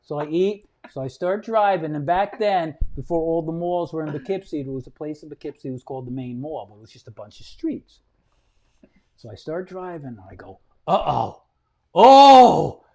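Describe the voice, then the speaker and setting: A man, a guest comedian telling a story on a podcast, animated and loud, acting out the scenes and swearing. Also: fairly high pitch, brisk.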